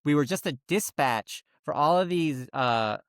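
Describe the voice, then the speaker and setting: A man's voice: a little high, expressive, unhurried, clear, resonant tone, no echo, clean studio sound. A man co-hosting a podcast, telling a story in casual chat and acting out phone calls in put-on voices. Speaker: podcast co-host.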